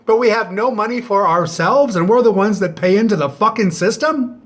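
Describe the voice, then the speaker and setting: Middle-aged man, high-pitched voice, bitter, swearing, angry monologue to camera. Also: moderate pace. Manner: bitter, profane, sharp rhetorical jabs. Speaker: vlogger.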